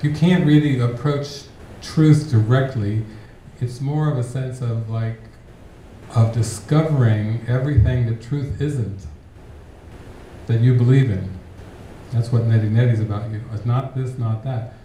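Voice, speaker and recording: A man giving a relaxed, reflective spiritual talk to an audience, working through everyday examples. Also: medium pitch, unhurried, very echoey, distant mic, a little hiss or hum, rough recording. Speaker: spiritual teacher.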